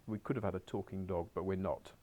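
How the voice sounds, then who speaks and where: A man's voice: deep voice, fairly even intonation, fast talker, dark tone. A man teaching a beginners' Spanish class, coaxing his pupils along with wry asides and muttered whispers, heard in a school classroom.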